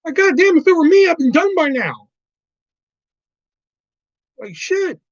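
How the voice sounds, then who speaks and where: A man's voice: very high-pitched, big pitch swings, slow pace, no room sound. A man hosting a casual livestream chat, swearing a lot and ranting as he acts out his coworkers. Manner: profane ranting, mimics coworkers. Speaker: livestream host. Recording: dry, dull lo-fi sound.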